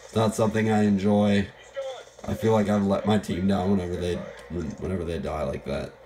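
A crowd can be heard behind this young man as he gives fairly quick, flat-toned live commentary on a shooter game in a low voice. His voice is fading from illness, yet he keeps rambling and joking about himself.

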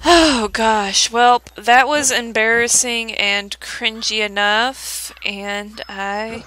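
A woman's voice: fairly high pitch, fairly even intonation, takes it slowly, sharp tone. A woman giving live gameplay commentary as a let's play host, exclaiming and mocking her own mistakes.

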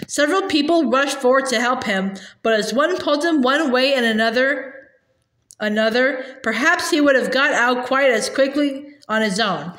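A woman reading a children's novel aloud in a lively way, voicing its characters. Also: high-pitched, reverberant. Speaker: audiobook reader.

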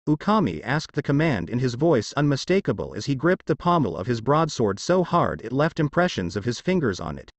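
Man reading fan fiction, animated pitch, dry close sound. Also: a little fast, few pauses, dry recording, lo-fi sound.

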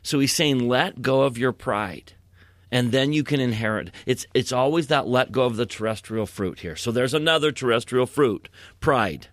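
Mid-pitched man discussing scripture. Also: moderate pace, a bit bright, dry recording, studio quality. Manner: earnest, explanatory, reads verses at length. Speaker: podcast co-host.

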